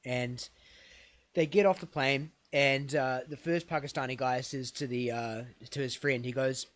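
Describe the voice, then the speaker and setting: A man co-hosting a casual comedy podcast, rambling and self-deprecating, often trailing off into quiet mumbles. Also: mid-range voice, steady tone, unhurried, no room sound. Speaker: podcast co-host.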